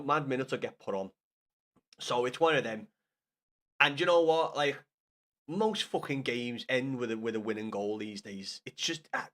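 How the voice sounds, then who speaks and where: A man's voice: fairly high pitch, a bit bright. A man in his thirties with a Scouse accent, hungover and rambling, chatting casually to his stream viewers with lots of swearing and restarts. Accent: Liverpool Scouse. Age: 30s.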